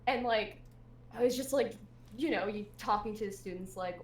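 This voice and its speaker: A woman telling a story on a gaming stream in an animated, chatty way. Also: medium pitch, normal speed. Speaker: stream co-host. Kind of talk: casual chat and storytelling. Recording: echoey room.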